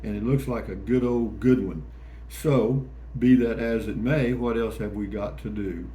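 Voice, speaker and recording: A man's voice: lowish voice, fairly even intonation, measured pace, warm tone. A man hosting a casual morning vlog, talking in a folksy, rambling, jokey way. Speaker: vlog host. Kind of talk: casual morning chat to camera. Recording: echoey room with faint ambient noise.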